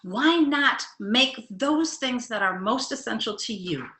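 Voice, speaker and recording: A woman's voice: a little high, expressive, slow, pushed and bright, reverberant. A middle-aged woman, a life coach giving a motivational webinar talk, earnest and direct, putting questions to her audience.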